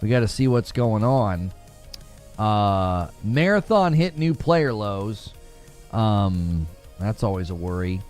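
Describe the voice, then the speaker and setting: A man's voice: on the low side, sing-song, slow, darkish tone, soft background music. A man hosting a casual gaming livestream, joking around, laughing often and answering his chat. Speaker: livestream host.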